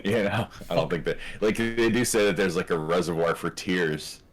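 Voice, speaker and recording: Very deep-voiced man reviewing a movie. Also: soft background music. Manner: chatty, laughs often, acts out lines in quick asides. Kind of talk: casual movie review chat.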